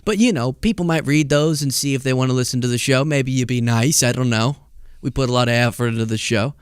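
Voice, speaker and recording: Sarcastic, animated male commentary host. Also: mid-range voice, fast talker, clear, resonant tone, dry recording, studio quality. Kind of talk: casual political commentary.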